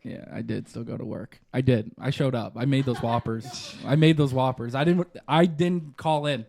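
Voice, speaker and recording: A young man co-hosting a podcast, telling stories in an animated way, swearing and laughing often. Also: mid-range voice, moderate pace, gravelly, soft background music. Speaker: podcast co-host. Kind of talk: casual chat.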